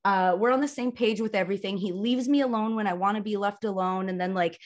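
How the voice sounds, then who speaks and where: A woman's voice: medium pitch, fairly even intonation, quick pace. A young woman chatting candidly on a podcast, rambling, swearing and laughing often. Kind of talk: casual podcast chat.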